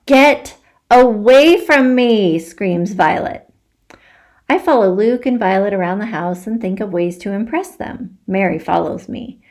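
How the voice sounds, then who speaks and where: A woman teacher reading a children's book aloud for virtual story time, slow and expressive. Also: mid-range voice.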